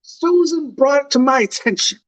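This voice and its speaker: A man's voice: very high voice, lively intonation, moderate pace, a crowd in the background. A man co-hosting a casual podcast, telling a story in a playful, mock-tearful way. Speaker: podcast co-host. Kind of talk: casual chat.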